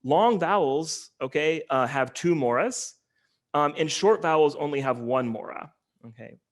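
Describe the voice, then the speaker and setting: A man with a slightly higher-than-usual voice gives an online academic lecture. He explains step by step, pausing often with ums and restarting sentences as he goes. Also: lively intonation. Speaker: linguistics professor giving a lecture.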